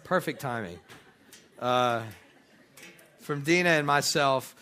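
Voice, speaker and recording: Middle-aged male pastor, bright and forward tone, animated storyteller who stumbles and restarts often. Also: mid-range voice, takes it slowly. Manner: animated storyteller, quotes others in lively voices, many restarts. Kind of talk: sermon storytelling.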